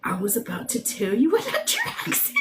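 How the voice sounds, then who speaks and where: Lively playful woman livestreaming tarot. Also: on the high side, normal speed, very noisy. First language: Spanish. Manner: playful, swears freely, slips into funny voices. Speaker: tarot reader livestream host. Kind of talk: casual livestream chat.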